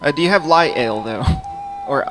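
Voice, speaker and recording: A man's voice: a little high, animated, fairly quick, a bit bright, faint music behind. Stammering man in a comedy sketch. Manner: bumbling, stammering restarts.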